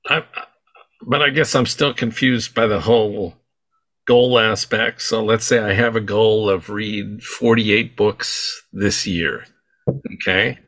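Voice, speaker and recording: A man asking questions on a casual group call, halting and hesitant with many restarts. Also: lowish voice, steady tone, fairly bright tone.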